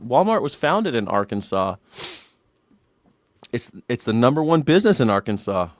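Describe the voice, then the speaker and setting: A man's voice: medium pitch, sing-song, normal speed, no room sound. A man hosting a news reaction show, rambling and joking with profanity and silly voices. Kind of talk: casual comedic commentary.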